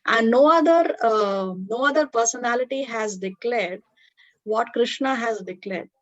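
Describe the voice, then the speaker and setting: A woman's voice: a little high, unhurried. A woman teaching a devotional scripture class, explaining earnestly with many fillers and restarts. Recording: dull lo-fi recording.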